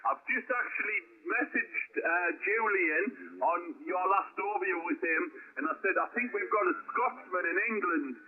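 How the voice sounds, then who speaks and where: A man chatting on an amateur radio contact, reading call signs in a friendly, relaxed way. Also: sits high, moderate pace, few pauses, slightly rough. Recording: phone-like radio audio with busy background noise.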